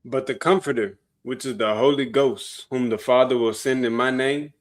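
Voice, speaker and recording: A man reading Bible verses aloud in a plain, steady way during a sermon. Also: mid-range voice, normal speed. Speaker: scripture reader.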